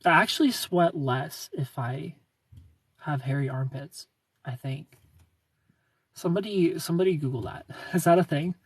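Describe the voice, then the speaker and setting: Relaxed man chatting on a livestream. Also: a little high, dry recording, recorded from a distance. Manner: greets viewers by name, relaxed and chatty. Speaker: livestream host. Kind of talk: casual livestream chat reading comments.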